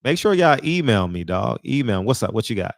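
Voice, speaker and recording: A man hosting a call-in show, laid-back, answering callers with quick affirmations. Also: lowish voice, very animated, gravelly, dry recording, clean studio sound. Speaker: host.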